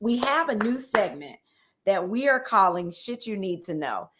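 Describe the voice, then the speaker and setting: A woman's voice: mid-range voice, sing-song, moderate pace. A woman co-hosting a podcast, bantering casually with her co-host and moving the show on to new segments. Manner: warm banter, says "girl" often, then steers into topics. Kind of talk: casual chat.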